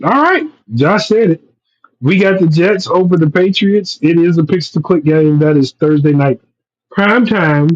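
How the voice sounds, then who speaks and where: A man co-hosting a casual sports podcast, ranting loudly and profanely about his team. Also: on the high side, a little slow, dull audio. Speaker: podcast co-host.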